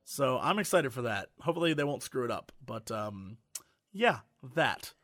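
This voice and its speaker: A man co-hosting a podcast in casual chat, animated and lively, now and then breaking into mocking voices. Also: medium pitch, normal speed, dry recording, clean studio sound, faint music behind. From United States. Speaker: podcast co-host.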